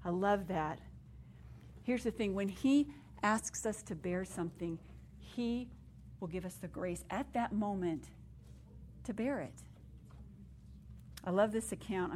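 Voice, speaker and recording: Brief: woman, fifties, women's ministry speaker, animated storyteller who teases herself, sermon delivery. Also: medium pitch, slight background noise. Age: 50s. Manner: animated storyteller, self-deprecating humor, laughs while speaking.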